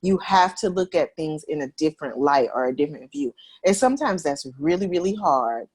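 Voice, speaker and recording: A woman's voice: sits low, expressive, fairly quick, a little mellow, slightly rough. A woman from South Carolina, a podcast guest telling her story in an earnest, reflective way. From South Carolina, USA. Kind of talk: interview storytelling.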